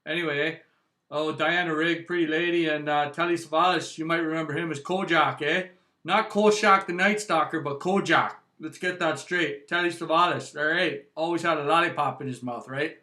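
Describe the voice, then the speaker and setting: A man's voice: a little high, steady tone, brisk, bright, forceful tone, echoey room. A Canadian man hosting a casual record review, rambling and chatty, with frequent tag questions. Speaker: music vlog host.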